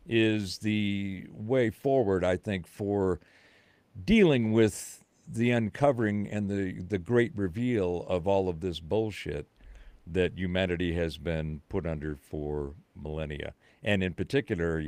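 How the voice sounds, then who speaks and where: A man's voice: deep voice, unhurried, a little mellow, no room sound. A man, a podcast guest, explaining his views in an emphatic, conspiratorial way. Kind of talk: casual chat.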